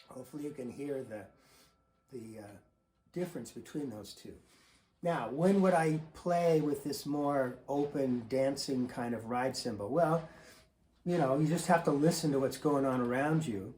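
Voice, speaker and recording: A man giving a casual drum lesson, relaxed and rambling, with many fillers and restarts. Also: mid-range voice. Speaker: drum teacher. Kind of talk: casual instructional talk. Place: drum studio. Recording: roomy studio sound with faint noise. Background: drums and cymbals played between remarks.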